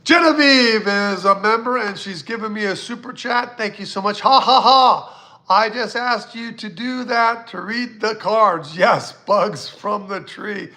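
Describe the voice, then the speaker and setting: A man's voice: high voice, a little slow, hardly any pauses, pushed and bright. A man hosting a live psychic question-and-answer stream, speaking bluntly and casually, reading viewer questions aloud and swearing now and then.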